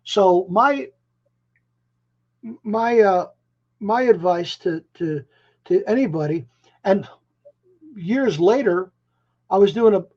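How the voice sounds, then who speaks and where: A man in his seventies from Chicago, a musician guest telling stories in a rambling, animated way, often restarting his phrases. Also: sits high, slow pace, pauses often. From Chicago, USA. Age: 70s. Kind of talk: casual interview storytelling. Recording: dull lo-fi audio.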